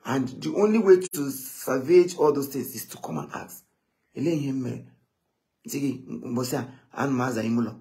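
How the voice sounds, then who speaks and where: Animated man. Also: a little high. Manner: animated, switching between English and Igbo, quoting others. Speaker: guest in a live chat. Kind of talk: casual storytelling chat.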